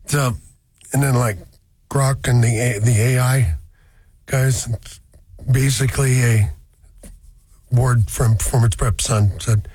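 A man's voice: medium pitch, steady tone, slow, pauses often, a little mellow, breathy edge, dry recording. A man hosting a car radio show, rambling through folksy asides in a casual chat.

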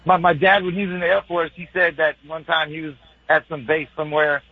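An excitable male caller who rambles in slang, talking fast in a slightly husky voice. His call comes through dry and dull, as over a radio line. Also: on the high side, no echo. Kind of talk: casual call-in chat.

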